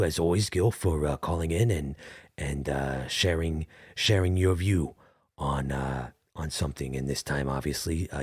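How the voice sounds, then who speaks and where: A man hosting a mock call-in comedy podcast, speaking haltingly with many pauses. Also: very deep voice, breathy edge, no room sound, clean studio sound. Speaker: podcast host.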